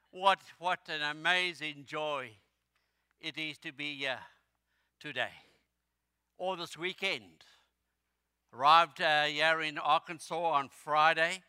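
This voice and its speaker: A man in his sixties or older from South Africa, with a South African accent, preaching a sermon as a visiting missionary in a slow, halting way with many fillers. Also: on the high side, sharp tone, smooth, no room sound, clean studio sound.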